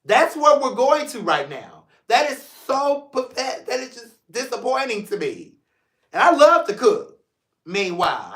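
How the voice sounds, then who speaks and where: A high-voiced man hosting his own talk show, loose and joking, then turning earnest. His tone is bright and ringing. The room around him echoes. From St. Louis, Missouri. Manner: animated, joking, drifts between playful and emotional. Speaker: podcast host. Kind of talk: casual solo livestream talk.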